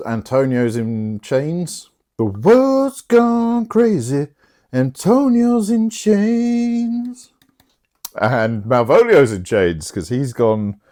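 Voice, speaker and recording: A man's voice: lowish voice, darkish tone. A young man casually retelling a plot, chatty and irreverent, swearing now and then. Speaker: channel host.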